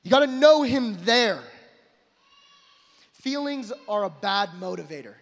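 Fervent preacher man with high voice. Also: animated, a little slow. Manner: emphatic, swings between shouting and hushed asides. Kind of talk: energetic sermon to a live crowd. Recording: long hall reverb.

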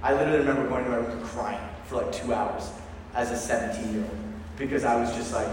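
A man preaching a sermon, telling stories with lively call-and-response to his congregation. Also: mid-range voice, quick pace, slight background noise. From Lancaster County, Pennsylvania. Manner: energetic, storytelling with call-and-response. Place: large hall with audience. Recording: echoey hall recorded from far off.

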